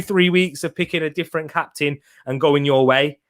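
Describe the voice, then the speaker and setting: Young guy running a live footy watch-along, bit high, smooth clear voice, reads out chat and laughs a lot. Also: normal speed, fairly bright tone. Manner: chatty, answers live chat comments by name, laughs easily.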